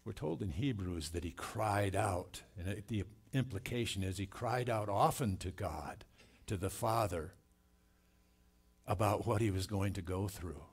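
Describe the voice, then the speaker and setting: A man preaching a sermon in a church, reading scripture and commenting with slow, earnest emphasis. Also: on the low side, husky. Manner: slow, earnest delivery with scripture read aloud and dramatic quoted cries. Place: church sanctuary.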